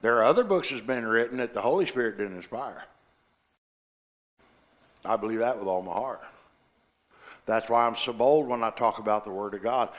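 A man's voice: mid-range voice, normal speed, long pauses. Impassioned male preacher. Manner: impassioned, swings from loud to quiet. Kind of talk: sermon.

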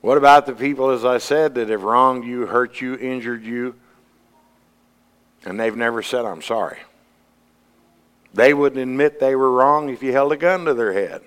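A male preacher delivering a sermon in a middle-pitched voice. He talks earnestly, climbing to emphatic peaks and then sinking low. His voice rings with a long hall reverb, as in a church sanctuary. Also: normal speed, pauses often, fairly bright tone, clear, resonant tone.

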